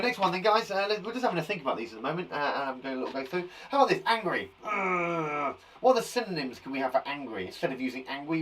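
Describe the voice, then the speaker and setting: A man with an English accent teaching a live online lesson to young children, lively and animated, acting out example sentences. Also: mid-range voice, far from the mic, a little hiss or hum, rough recording. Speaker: primary school teacher.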